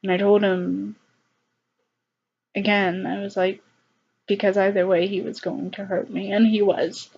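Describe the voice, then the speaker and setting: A young woman vlogger tells her camera a personal story, sounding halting and subdued with frequent fillers. Her mid-level pitch comes out flat, creaky, darkish, and breathy. The recording is slightly dull and lo-fi.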